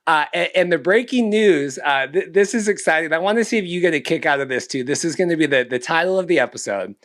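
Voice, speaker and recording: A man's voice: fairly high pitch, expressive, fast talker, a bit bright. Rambling man podcast co-host. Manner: rambling, self-deprecating, restarts often. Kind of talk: casual podcast chat.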